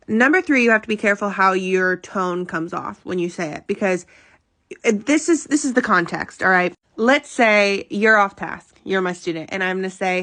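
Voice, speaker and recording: A woman who teaches high school, giving casual advice in a chatty, sassy way with mock-sincere apologetic asides. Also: moderate pace, a bit bright.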